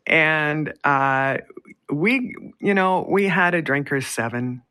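A woman's voice: sits low, expressive, slow pace, bright, forceful tone. A woman radio host from Canada, chatty, telling a story and laughing often between phrases. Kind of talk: storytelling on a call-in radio show.

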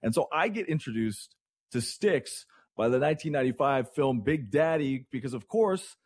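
A man from Canada hosting morning radio, talking in a chatty, rambling way with excitable asides. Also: mid-range voice, normal speed, no room sound, clean studio sound. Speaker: radio host.

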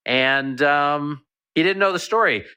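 Man, radio guest, veterinarian, chatty storyteller, bright crisp tone. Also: on the high side, measured pace. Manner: chatty storyteller, repeats words. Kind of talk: casual radio interview.

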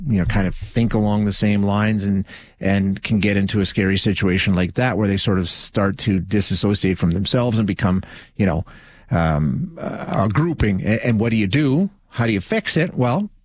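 A man's voice: on the low side, normal speed, no echo. A man hosting a call-in radio show, talking casually with frequent restarts and fillers. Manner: conversational, many restarts and fillers. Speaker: radio talk show host. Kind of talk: casual talk radio monologue.

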